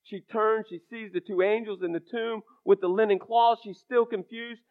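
A man preaching a sermon with passion, sinking to a hush and then rising to loud, emphatic declarations. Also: high-pitched, steady tone, normal speed. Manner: impassioned, builds from hushed to loud. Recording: thin phone-like recording.

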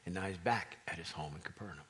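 A man's voice: low-pitched, fast talker, fairly bright tone, husky. A man preaching a sermon, retelling a story and acting out the voices of the crowd. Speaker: pastor.

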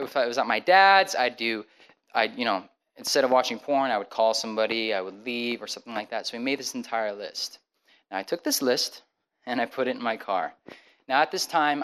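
A young man sharing a personal testimony, storytelling with lively acted-out dialogue and frequent quick restarts. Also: mid-range voice, clear, resonant tone, poor audio. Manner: animated, acts out the dialogue with many quick restarts.

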